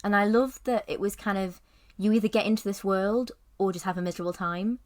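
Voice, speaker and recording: A young woman co-hosting a film podcast, talking in a chatty, giggly way. She keeps reaching for "like" and "kind of" as she thinks aloud. Her voice sits at an everyday middle pitch. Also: fairly even intonation, a little fast. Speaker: podcast co-host. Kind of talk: casual film review chat.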